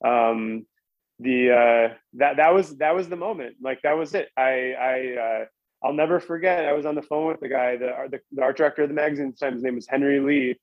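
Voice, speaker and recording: A man's voice: medium pitch, brisk, no echo, dull audio. A man casually telling a long story as a podcast guest, rambling with lots of "like" and restarts.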